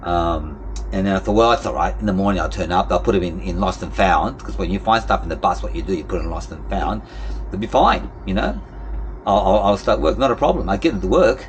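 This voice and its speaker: Aussie guy ranting fast about work, fed up, swearing a lot, a little room noise. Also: on the low side, lively intonation. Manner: frustrated, swearing, rambling rant. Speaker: vlogger. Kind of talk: casual venting monologue.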